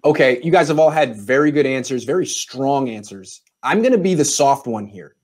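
A man hosting a casual sports talk panel, measured with a dry sense of humor. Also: mid-range voice, animated, darkish tone, slightly rough. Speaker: host.

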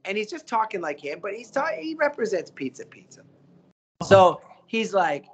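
A middle-aged voice actor chatting as a guest, animated and motivational, often acting out the quotes he tells. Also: sits high, moderate pace. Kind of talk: casual interview chat.

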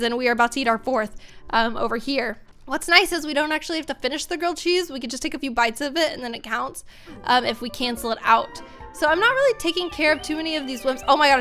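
A woman's voice: high voice, a bit bright. A woman hosting a gaming channel, chatting to viewers in let's-play commentary.

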